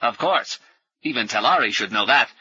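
A man's voice: medium pitch, animated, normal speed, pushed and bright, slightly rough, no room sound, dull audio, full character voice. A man voicing a confident male frog-like fisher creature with a faint quacking lilt. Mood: matter-of-fact.

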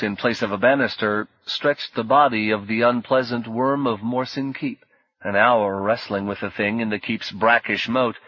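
A man reading audiobook narration in a measured, even storytelling manner. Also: fairly low pitch, dry recording. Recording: dull lo-fi dry audio.

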